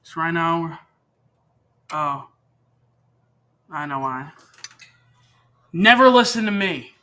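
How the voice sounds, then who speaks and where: A man's voice: on the high side, lively intonation, slow pace, sharp tone. A teenage boy hosting a casual how-to, rambling and chatty as he works at a home workbench, often correcting himself. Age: teens. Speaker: channel host demonstrating repair.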